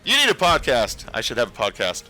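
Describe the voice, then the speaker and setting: A man hosting a casual gaming livestream, chatting loosely and drifting from one thought to the next. His voice is very bright and sits in an ordinary middle pitch. Faint game music plays underneath. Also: huge pitch swings, a little fast. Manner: rambling, talks to chat. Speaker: livestream host.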